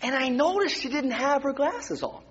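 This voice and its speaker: A man preaching a sermon in a church, telling a story dramatically and swinging from hushed whispers to loud exclamations. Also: extremely high pitch, lively intonation, normal speed. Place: church sanctuary. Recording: dull lo-fi recording with long hall reverb.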